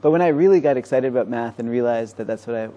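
Fast-talking man explaining like a teacher. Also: medium pitch, mellow, lo-fi sound. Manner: explanatory, teacherly, quick-paced. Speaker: mathematician and professor. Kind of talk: conversational interview.

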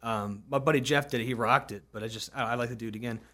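A man from South Carolina talks quickly through his stories as a guest musician, in a mid-pitched voice. He is animated and acts out the lines of other people as he tells them. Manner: animated, acts out quoted dialogue. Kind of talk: casual interview storytelling.

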